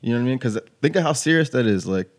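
A man in his twenties hosts a podcast, speaking at a medium pitch with an expressive, racing delivery. He's a laid-back storyteller in casual chat mode, filling every gap with "like," "you know," and "you know what I'm saying."

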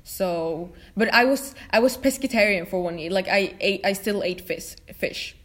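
A woman's voice: medium pitch, normal speed. A young woman hosting a casual chat, rambling with many fillers. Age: young adult. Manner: relaxed, rambling speaker with frequent fillers and restarts. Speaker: podcast host.

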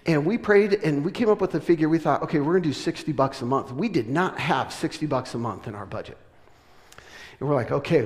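A middle-aged man from the US West Coast preaching from a church platform. His voice sits high, and he tells a story with animated, self-mocking humor. A long reverb from the big sanctuary trails each phrase. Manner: animated, self-deprecating humor, frequent restarts. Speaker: pastor. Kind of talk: sermon with personal storytelling.

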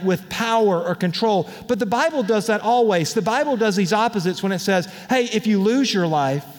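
A man preaching a sermon as pastor, in a candid, conversational way with lively asides. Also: very high voice. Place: church auditorium. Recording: long reverb of a large hall.

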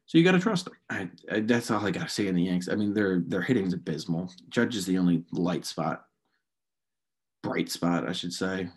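A man's voice: low voice, normal speed. Rambling young man ranting on sports. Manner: frustrated, rambling, animated rants with restarts. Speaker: podcast host. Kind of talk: casual sports rant.

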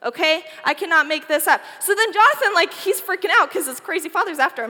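A woman's voice: very high-pitched, quick pace, hardly any pauses, long reverb tail. A woman giving a chatty, joking youth talk, retelling a Bible story casually. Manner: animated, chatty, jokey. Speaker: youth speaker.

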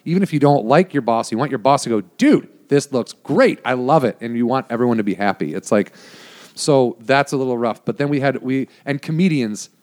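A man's voice: medium pitch, fast talker, darkish tone. A man, a former producer, telling rambling behind-the-scenes stories in a casual chat, full of "like" and swearing. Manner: rambling, many "like" fillers, frequent swearing. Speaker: guest, former prank show producer.

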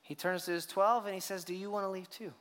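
A man's voice: high voice, fairly even intonation, fast talker, a bit bright. A man preaching a sermon as a pastor, telling the story with rhetorical questions and acted reactions. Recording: long hall reverb.

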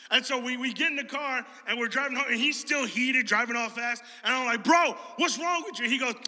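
A man from Chicago preaching a sermon in a church hall, animated and conversational, joking and telling stories to his congregation. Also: very high voice, brisk. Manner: animated, conversational, jokey storyteller.

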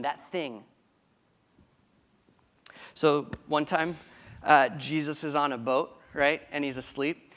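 A man's voice: fairly high pitch, a bit bright. A man preaching a conversational sermon, often restarting phrases and checking in with the congregation. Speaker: pastor.

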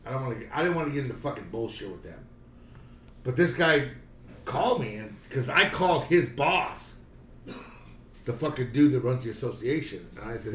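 A man's voice: medium pitch, lively intonation, a little fast, fairly bright tone, far from the mic. A middle-aged man telling a story in casual podcast chat, swearing constantly and repeating himself. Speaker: podcast co-host. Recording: roomy, from off-mic, faint background noise.

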